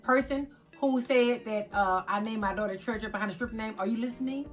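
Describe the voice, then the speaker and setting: A middle-aged woman, hosting a vlog and telling a personal story in an expressive way, speaking straight to her viewers. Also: fairly high pitch, a little fast, music in the background. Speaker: vlog host.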